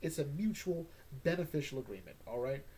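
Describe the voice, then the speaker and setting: A man's voice: on the high side, lively intonation, a little fast, darkish tone, slight background noise. A man hosting a casual comic book recap, rambling and joking with sarcastic asides. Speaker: comic book podcast host.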